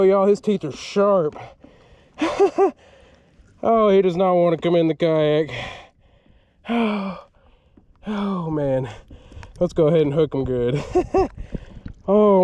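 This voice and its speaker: A man, excitedly narrating his own fishing vlog from a kayak on a river at night, often exclaiming and laughing. He is recorded on an action camera. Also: fairly high pitch, dry recording, lo-fi sound. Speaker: fishing vlogger. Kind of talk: excited outdoor vlog commentary.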